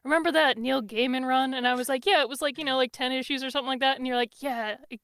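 A woman in a casual podcast chat, lively and giggly, telling quick anecdotes. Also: high-pitched, smooth.

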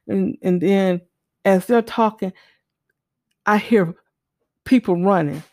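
A woman with a gravelly, creaky edge to her mid-range voice tells a personal testimony. She talks earnestly, with many repeats and restarts. The recording is close and dry, with no room sound. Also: medium pitch, slow, long pauses, warm tone, no echo. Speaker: mother telling a faith testimony.

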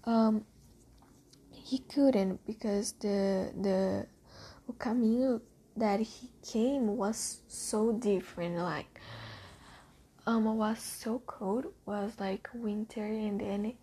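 A woman casually retelling a book's story, halting and searching for words, half whispering and swearing now and then. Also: fairly high pitch, warm tone, slight background noise. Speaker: reader retelling a book.

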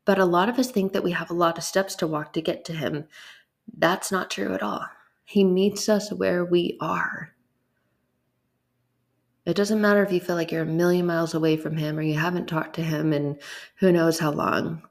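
A woman's voice: lowish voice, fairly even intonation, moderate pace, creaky. A woman hosting a faith podcast, speaking earnestly and conversationally with emphatic repetition. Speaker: podcast host. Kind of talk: faith talk monologue.

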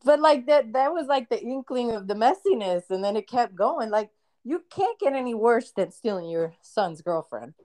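A woman co-hosting a podcast in casual chat, blunt and quick to react. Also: fairly high pitch, lively intonation, darkish tone, dry recording. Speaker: podcast co-host. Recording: dry remote recording.

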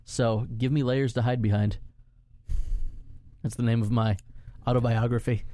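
A man co-hosting a casual podcast chat, self-deprecating and quick to laugh. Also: medium pitch, little pitch movement, mellow, no room sound, clean studio sound. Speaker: podcast co-host.

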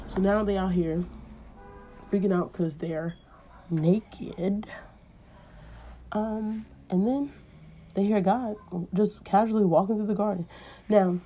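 A woman's voice: mid-range voice, slow, long pauses, warm tone, a little hiss or hum. A woman podcast host retelling an old story in a casual, comedic, slangy and digressive way.

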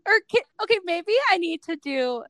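A woman's voice: very high voice, lively intonation, moderate pace, a bit bright, no room sound. A woman hosting a podcast, chatty and self-deprecating, giggling often. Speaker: podcast host. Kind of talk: casual podcast conversation.

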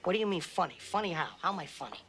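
An actor playing a hot-tempered mobster who swings from joking to menacing, swearing heavily. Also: male voice, sits high, expressive, racing, fairly bright tone, a little hiss or hum. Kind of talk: film dialogue.

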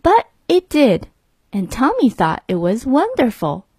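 A woman teacher reading a bilingual picture book aloud slowly, clear, measured and expressive for young learners. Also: sits high, no echo, studio quality. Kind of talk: slow storybook read-aloud.

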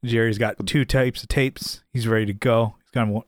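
A man's voice: fairly even intonation, fairly quick, no echo, studio quality. A man co-hosting a podcast, chatting casually about a TV episode, laughing and swearing as he goes. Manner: swears and laughs often, jumps into high-pitched voices when quoting. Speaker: podcast co-host. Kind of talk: casual chat recapping a TV episode.

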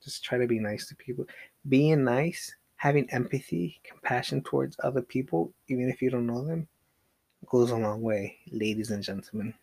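A man's voice: medium pitch, normal speed, vocal fry, a little mellow, no echo. A man hosting a casual solo podcast, rambling with lots of fillers, restarts and casual swearing. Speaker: podcast host.

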